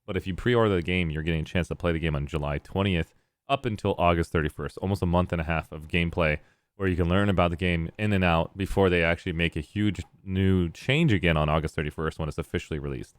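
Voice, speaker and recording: A male game streamer rambles through casual live-stream chat, reading viewers' messages aloud and answering them. His voice is very low and the sound is dry and close, with no room around it. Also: quick pace, clear, resonant tone, no room sound.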